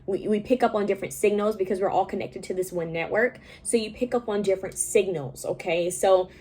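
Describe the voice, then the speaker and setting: A woman's voice: mid-range voice, brisk, darkish tone, husky. A young adult woman, a psychic medium, talking casually and rambling to her viewers, often checking in with them. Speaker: psychic medium and tarot reader.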